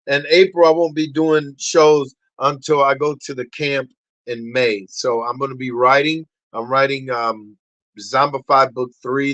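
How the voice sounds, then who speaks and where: A middle-aged man hosts a casual livestream and calls out greetings to his viewers with loud, bright energy. His voice sits a little high for a man and has a forceful edge. The sound is close and dry, and between the shouted hellos he talks low and quietly. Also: no room sound, poor audio. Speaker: livestream host.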